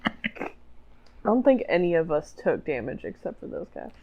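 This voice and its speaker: A woman playing a tabletop game, giggly and halting in casual chat. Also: on the low side, sing-song, highs cut off. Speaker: player.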